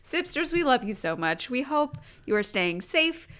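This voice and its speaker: A woman co-hosting a casual podcast, excitable and giggly, gushing over news. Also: high voice, moderate pace. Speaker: podcast co-host.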